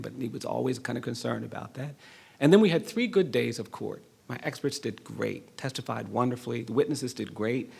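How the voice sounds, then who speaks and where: This is a middle-aged man giving a lecture in a hall, and his voice is deeply gravelly with a husky, breathy edge. He tells a personal story in an earnest, measured way and lets his emphasis swell at key moments. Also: a little mellow. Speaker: law professor and speaker.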